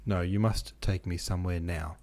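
A man voicing an earnest young gentleman in an audiobook, quiet and halting as he speaks. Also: low voice, fairly even intonation, lightly acted. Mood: earnest, ashamed. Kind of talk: audiobook character voice.

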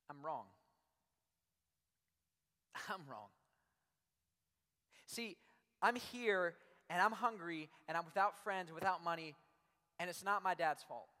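Young guy youth pastor, high voice, preaching casual and lively, long echo from a big hall. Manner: conversational, animated preaching with many "like" fillers. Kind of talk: sermon. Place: large room before an audience.

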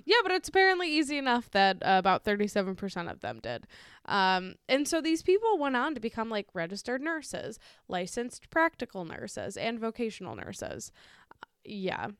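Midwestern woman, smooth casual podcast voice. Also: on the high side, huge pitch swings, moderate pace, a bit bright, no echo, clean studio sound. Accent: American Midwest. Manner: laughs often, swears casually; reads news excerpts, stumbling over names. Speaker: podcast co-host. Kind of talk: casual chat.

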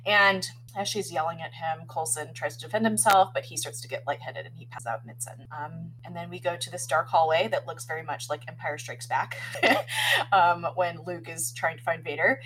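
A woman casually recapping a TV episode, chatty and animated, full of "like" and "um". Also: low-pitched, moderate pace, a little hiss or hum, poor audio. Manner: chatty, heavy use of "like" and "um", animated retelling. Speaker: podcast host recapping a TV episode. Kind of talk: casual chat.

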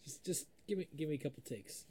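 Brief: male podcast co-host and editor, animated swoops in pitch, playful, laughs easily. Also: slightly rough. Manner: lively, excitable, quick to laugh. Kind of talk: casual banter among friends.

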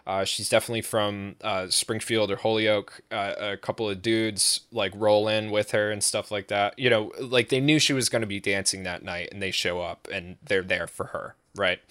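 A man's voice: lowish voice, steady tone, moderate pace, hardly any pauses, fairly bright tone, clean tone, no room sound. A young man tells a rambling, profane anecdote in casual podcast talk, full of fillers and "right?" tags, and he keeps breaking into laughter. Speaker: storyteller.

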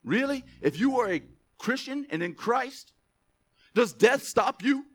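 A man's voice: extremely high pitch, lively intonation, unhurried, a bit bright. A man preaching a sermon in a conversational way, often laughing and checking in with the congregation. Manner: conversational, laughing, keeps asking "right?". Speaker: pastor.

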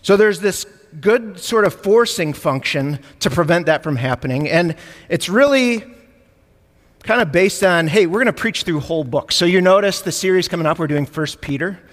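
Midwest chicago guy preaching, chatty, jokes w the crowd, slightly high voice, long church echo. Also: animated, normal speed, a bit bright. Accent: Midwestern American, Chicago area. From United States. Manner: conversational, jokes with the congregation. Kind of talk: sermon. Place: church sanctuary.

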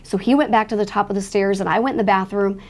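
A woman's voice: medium pitch, fairly even intonation, fast talker. A woman earnestly telling a frightening personal story as a faith-minded testimony. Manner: earnest, emotional retelling of a frightening night; speaks with religious faith.

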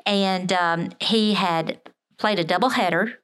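A woman's voice: on the low side, a little slow, fairly bright tone, clear, resonant tone. A middle-aged woman telling a family story in casual conversation, earnest and hesitant, with many fillers and restarts.

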